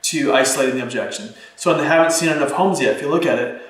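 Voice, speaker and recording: A man coaching real estate agents speaks quickly in a medium-pitched, fairly bright voice, acting out little client dialogues as he teaches. The energetic instructional talk with role-play is recorded in an echoey room on a distant mic.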